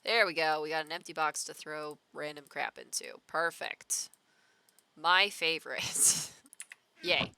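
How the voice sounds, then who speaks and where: A woman's voice: low-pitched, fairly even intonation, a little slow, bright, forceful tone, smooth, no echo. Chatty young woman streaming a game. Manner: chatty, reads chat aloud, talks to herself. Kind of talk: casual gameplay commentary.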